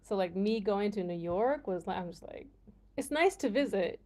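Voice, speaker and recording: A woman's voice: mid-range voice, expressive, moderate pace, darkish tone. A young American woman from the Midwest with a Midwestern accent, chatting casually with viewers on a livestream, laughing often and saying "like" a lot. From United States, Midwest. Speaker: livestream host.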